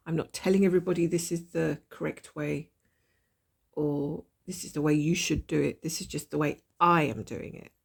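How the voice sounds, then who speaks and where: A woman with a gravelly voice and a blocked nose from a cold, chatting casually and thinking aloud while she stitches, with a self-deprecating manner. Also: low voice, steady tone, moderate pace. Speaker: cross-stitch vlogger. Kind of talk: casual stitch-along chat.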